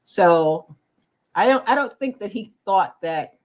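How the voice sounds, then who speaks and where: Speaking slowly at a medium pitch, this middle-aged co-host recounts something from her own life during casual talk show chatter. She voices the people she quotes and keeps restarting, all with lively energy.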